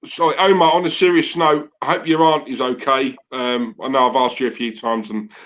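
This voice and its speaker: A man's voice: medium pitch, steady tone, brisk, a bit bright. A man co-hosting a casual banter show, chatty and frank. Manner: chatty, laughs often, frank. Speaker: co-host.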